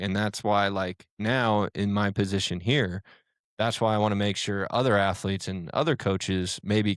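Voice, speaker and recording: A man's voice: lowish voice, no room sound, clean studio sound. A young man co-hosting a podcast, casually telling stories with lots of fillers and restarts. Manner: rambling, storytelling with fillers. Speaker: podcast co-host. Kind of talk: casual chat.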